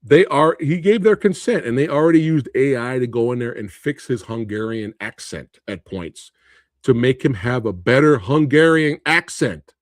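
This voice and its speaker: A man's voice: mid-range voice, moderate pace, dry recording, clean studio sound. A man hosting a live movie review stream, ranting in disbelief, laughing often, swearing and answering viewer comments. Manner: animated, incredulous ranting with frequent laughs and swearing.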